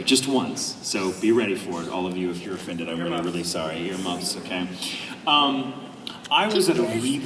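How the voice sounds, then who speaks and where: A man, a voice actor on a convention panel, telling a casual story to a live audience, animated and laughing often. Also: lowish voice. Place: large convention hall. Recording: echoey hall, distant noisy mic.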